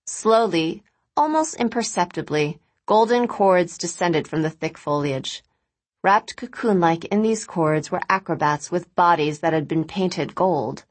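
Woman, audiobook narration, low pitch, measured expressive reading. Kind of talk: scripted narration.

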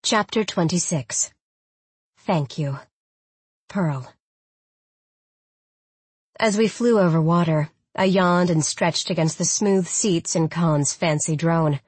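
A woman reading a first-person audiobook in a smooth, even way with breathy, intimate touches. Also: lowish voice, no room sound. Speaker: audiobook narrator.

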